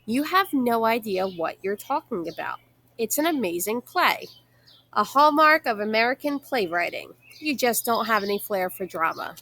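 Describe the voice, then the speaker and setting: A woman's voice: on the high side, big pitch swings, normal speed, pushed and bright, slight background noise, heavily acted. A woman reading aloud and voicing an eager, exasperated mother who teaches drama, in a raised, insistent tone. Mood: lecturing.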